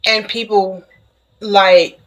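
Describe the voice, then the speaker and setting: A woman giving a casual spoken tarot reading to the viewer, excitable and chatty, who keeps checking in with "okay?". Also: mid-range voice, very slow, poor audio. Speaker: tarot reader.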